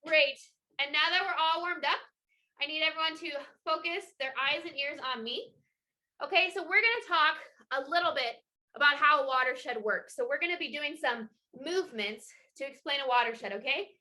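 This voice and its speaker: Over a video call from indoors at home, a bubbly, high-voiced woman who educates children at a water festival gives an upbeat lesson with movements. She speaks at a moderate pace, energetic, encouraging, and playful.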